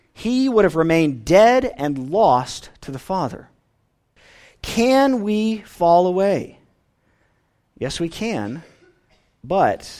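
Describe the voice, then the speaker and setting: High-pitched, animated preacher man. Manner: dramatic swings in pitch and volume, drops low at phrase ends; reads scripture dialogue with raised, emphatic delivery. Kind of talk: sermon.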